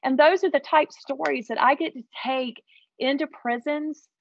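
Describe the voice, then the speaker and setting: A woman telling a heartfelt personal story as an interview guest, earnest and animated. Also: sits high, normal speed, gravelly, lo-fi sound.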